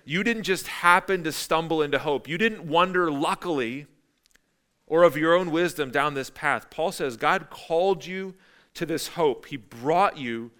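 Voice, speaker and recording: Male pastor, middle-aged, bright crisp voice, chatty emphatic sermon delivery. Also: a little high. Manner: conversational, emphatic, repeats phrases.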